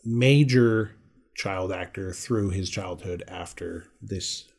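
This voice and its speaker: With a deep, gravelly, slightly mellow voice and a slow pace, a man co-hosting a movie podcast chats casually through an actor's filmography, dropping the occasional swear word.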